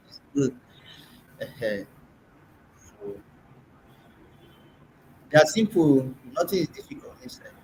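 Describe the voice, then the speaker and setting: A man's voice: mid-range voice, a little mellow, slight background noise, poor audio. Nigerian man teaching a live class. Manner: patiently quizzes the class, repeats sounds aloud. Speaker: language workshop teacher. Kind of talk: in-person classroom lesson. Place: classroom or meeting room.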